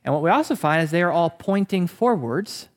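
A man in the pulpit, a pastor, preaching an animated, conversational sermon with many restarts. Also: fairly high pitch, fairly quick.

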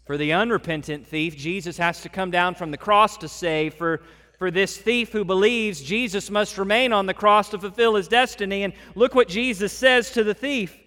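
A man preaching a sermon as a pastor to his church, swinging between loud emphatic passages and soft hushed ones. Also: high-pitched, normal speed, long reverb tail.

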